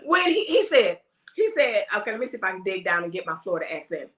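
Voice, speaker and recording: Animated woman host in an echoey room. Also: medium pitch, fast. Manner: animated, laughing, imitates people she talks about. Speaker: host of a live talk stream. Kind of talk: casual live-stream gossip chat.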